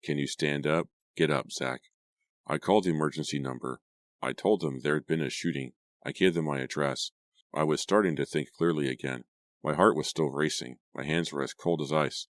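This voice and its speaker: A man reading a teen horror audiobook in a steady first-person storytelling manner. His voice is extremely low and the recording is dry and close. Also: fairly quick, no room sound. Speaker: audiobook narrator. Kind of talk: scripted narration.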